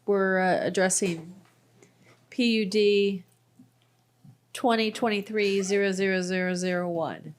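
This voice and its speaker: A woman chairs a county board meeting and opens the floor to the public. She talks slowly, with drawn-out, easygoing phrasing. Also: medium pitch, fairly even intonation.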